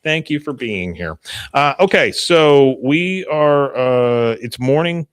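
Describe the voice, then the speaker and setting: A man's voice: medium pitch, lively intonation, takes it slowly, smooth, no echo, clean studio sound. A man hosting a podcast, casually recapping an episode with lots of fillers and acted-out scenes. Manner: many fillers, acts out scenes. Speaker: podcast host. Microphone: desk mic.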